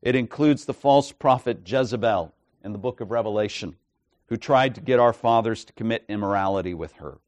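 A man preaching an expository sermon with measured, emphatic delivery, often checking in with "right?" and "okay?". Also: lowish voice, darkish tone, dry recording.

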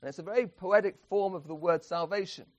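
A man's voice: sits high, fast talker, lo-fi sound. A man preaching an expository sermon, emphatic, often restarting phrases and chuckling.

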